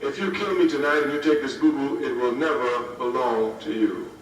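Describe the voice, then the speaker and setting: A man's voice: medium pitch, fairly even intonation, moderate pace. A man in his fifties giving a political speech to students, emphatic and repeating key phrases for effect. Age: 50s. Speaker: speaker addressing students. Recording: roomy, distant archive recording with faint hiss.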